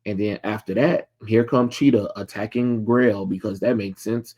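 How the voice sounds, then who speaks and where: A man's voice: fairly low pitch, steady tone, normal speed, a little mellow. A man casually recapping a comic book issue, rambling with lots of ums and blunt, sarcastic asides. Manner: rambling, many filler ums.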